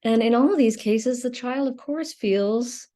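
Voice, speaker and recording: A video creator on emotional recovery gives an unscripted educational talk for her channel in a fairly high-pitched, dark-toned voice at an unhurried pace. She explains loosely and conversationally, searching for words as she goes.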